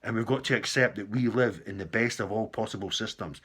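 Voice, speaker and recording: A British man in a heated political rant, his husky voice pushed hard and tense. He swears freely and builds from low, bitter muttering up to loud, furious bursts. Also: fairly quick. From United Kingdom. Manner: furious, profane and rising to outbursts. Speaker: political commentator. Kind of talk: angry political rant to camera.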